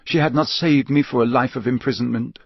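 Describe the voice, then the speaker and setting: Guy doing a dazed young dark wizard, totally flat monotone, no feeling, dull dry audio. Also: mid-range voice, a little fast, vocal fry, no room sound. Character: young male dark wizard confessing under truth potion, vacant.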